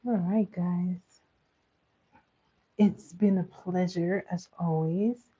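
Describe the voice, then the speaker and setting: A woman hosts a relaxed, casual live stream, answering viewers' comments and laughing often. Her lowish voice is husky and she speaks slowly. The sound is thin and tinny, like a phone call.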